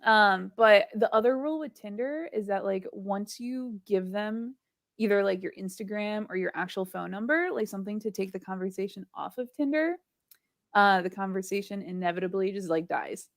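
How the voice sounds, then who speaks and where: A woman's voice: medium pitch, expressive, moderate pace, dry recording, clean studio sound. Giggly woman telling a story. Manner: giggly, storytelling, lots of "like" fillers. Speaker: livestream co-host. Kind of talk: casual chat.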